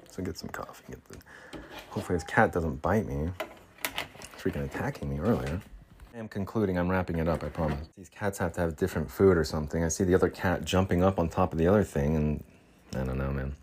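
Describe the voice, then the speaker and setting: Brief: agitated male podcast host, very low voice, rambling frustrated monologue at home. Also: quick pace, husky. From Utah. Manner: agitated, exasperated, rambling with many restarts. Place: home with cats.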